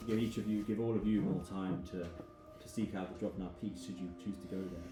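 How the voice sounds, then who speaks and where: A man voicing a formal, well-spoken male scholar with a Scottish accent, in a measured, long-winded way. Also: sits low, steady tone, natural voice. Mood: earnest. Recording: roomy sound with background music.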